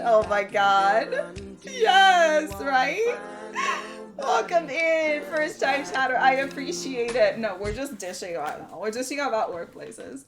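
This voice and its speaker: A woman streamer telling a workplace story in casual chat, animated and profane, often exasperated. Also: sits high, takes it slowly, soft background music.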